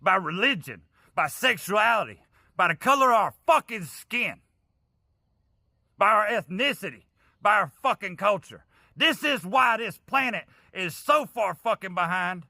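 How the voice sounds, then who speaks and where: An angry man on a profane, preachy vlog rant. His voice sits high and is very bright and cutting. The sound is dry and close. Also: lively intonation, measured pace, vocal fry, no echo.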